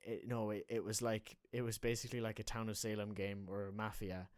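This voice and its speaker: A man's voice: on the low side, little pitch movement, brisk, dry recording, clean studio sound. A young Irish man chatting casually as a podcast co-host, rambling with many restarts and fillers. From Ireland. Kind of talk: casual chat.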